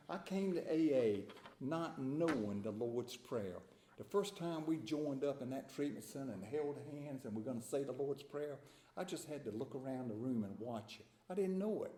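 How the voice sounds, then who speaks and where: A man's voice: medium pitch, warm tone. An older man giving an earnest, emphatic personal testimony to a meeting room, often repeating words as he goes. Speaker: recovery meeting speaker. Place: large meeting room with an audience. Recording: echoey hall with faint room noise.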